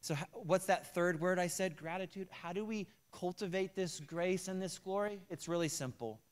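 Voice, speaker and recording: A male pastor delivering a sermon, moving between loud emphatic preaching and hushed personal confession. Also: high-pitched, normal speed. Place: church sanctuary.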